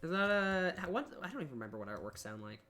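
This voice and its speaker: A man's voice: fairly high pitch, sing-song, racing, pushed and bright, slight background noise. A young man, a university student, chatting casually on a live stream while he works, muttering at his own progress in a self-deprecating way. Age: young adult. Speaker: streamer and level designer. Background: music and keyboard typing.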